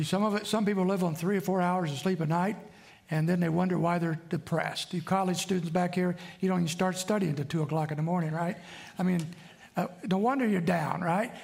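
A man's voice: sits high, gravelly. A man preaching a sermon in a conversational way, often asking the congregation for responses. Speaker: pastor.

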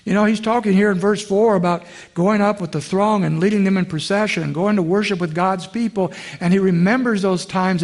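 A man preaches a sermon in a voice that sits a little high for a man. He keeps it conversational and often asks the congregation questions. On the heavier phrases he sinks lower and softer. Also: steady tone, fairly quick, hardly any pauses. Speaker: pastor.

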